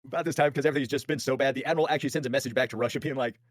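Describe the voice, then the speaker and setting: A man's voice: mid-range voice, dry recording. A man hosting a podcast, telling a history story in casual chat with jokey voiced asides. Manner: fast, animated, jokey retelling with voiced asides. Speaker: podcast host.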